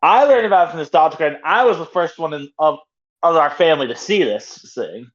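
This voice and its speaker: A man's voice: on the high side, lively intonation, quick pace, dull audio. A man co-hosting a podcast in casual chat, enthusiastic and often stammering. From North Carolina. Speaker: podcast co-host.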